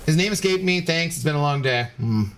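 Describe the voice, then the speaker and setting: This is a slightly high, fairly bright male voice, animated and fairly quick, with a little hiss or hum in the recording. He's live-streaming a game, chatting in a loose, rambling way while greeting his audience and reading chat aloud.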